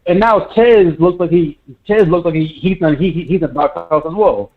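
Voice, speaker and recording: A young man calling in to a sports show, ranting, stuttering in his anger and breaking into near-shouts. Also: moderate pace. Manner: frantic, stuttering, pitch leaping into shouts. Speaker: caller. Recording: dull lo-fi call audio.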